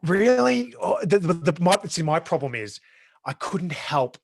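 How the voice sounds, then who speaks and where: An Australian podcast co-host chats casually and enthusiastically about a war film, often restarting his sentences. His voice is on the high side, expressive and a bit breathy, at a normal speed.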